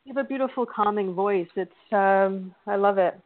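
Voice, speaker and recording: A woman calling in to a show, chatting in a warm, hesitant way with many fillers. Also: medium pitch, moderate pace, dry recording. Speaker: caller. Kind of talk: casual phone chat. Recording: dry tinny phone line.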